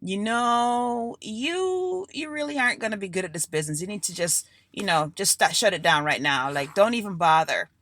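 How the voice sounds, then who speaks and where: Woman doing a condescending old schemer who whispers discouragement; bright tone, close and dry. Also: mid-range voice, lively intonation, moderate pace, few pauses, dry recording, lightly acted. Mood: discouraging. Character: scheming old male chancellor whispering doubts.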